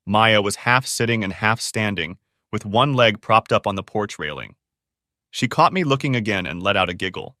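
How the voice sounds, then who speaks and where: A man's voice: fairly low pitch, animated, moderate pace, sharp tone, no echo, clean studio sound. A man narrating a first-person story in a scripted storytelling style.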